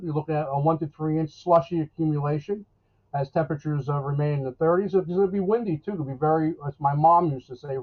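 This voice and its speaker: Heard over a thin, tinny line that sounds like a phone, a New weatherman with a slightly high voice for a man chats about the forecast in a casual live interview. He rambles in a folksy way, often stopping and restarting his sentences.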